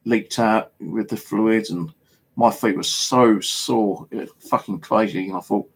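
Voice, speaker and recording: A man's voice: on the low side, a little slow, slightly rough. A man with an English accent telling a rambling, casual story, heavy on fillers and swearing. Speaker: paranormal vlogger. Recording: home video monologue.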